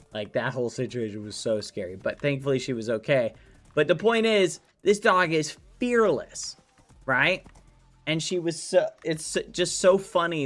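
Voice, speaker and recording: A man with a mid-range, somewhat bright voice streams a game from his room at home, casually talking to viewers and rambling through a filler-filled story.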